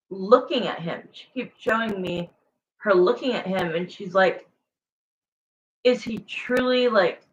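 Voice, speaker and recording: A woman's voice: medium pitch, muffled recording, slight background noise. A woman doing a casual tarot reading, rambling and filling her talk with "like" and "you know". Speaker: tarot reader.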